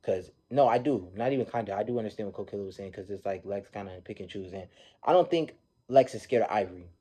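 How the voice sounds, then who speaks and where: Low, dark-voiced man recapping casually. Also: fast, husky. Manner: slangy, animated storytelling with quoted voices. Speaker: reality show reviewer.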